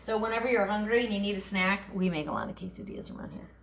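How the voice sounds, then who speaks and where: A woman's voice: medium pitch, racing, gravelly, a bit bright. Chatty woman in an echoey kitchen. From Italian family background. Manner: chatty, enthusiastic, asks and answers her own questions. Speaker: cooking show host. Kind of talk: casual cooking demonstration. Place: home kitchen. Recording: echoey kitchen with faint noise.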